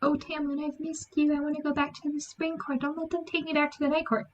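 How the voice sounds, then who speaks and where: A woman putting on a young heroine's voice in a book review, soft and pleading. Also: sits high, flat delivery, fast talker, far from the mic, slight background noise, voice pushed up, close to an everyday voice. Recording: dull lo-fi sound.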